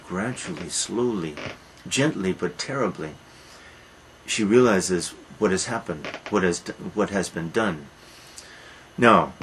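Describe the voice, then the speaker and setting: A literature lecturer with a lowish voice retells a Greek tragedy like a dramatic storyteller, repeating words for emphasis. The recording is rough, with a little hiss or hum.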